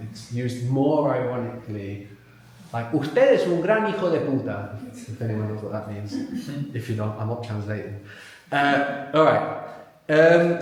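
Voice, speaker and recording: A man leads a live language workshop in a very echoey hall, his voice bouncing around the room. He is animated, drawing words out slowly and repeating them so they sink in. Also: medium pitch. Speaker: language teacher. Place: large echoey venue with live audience.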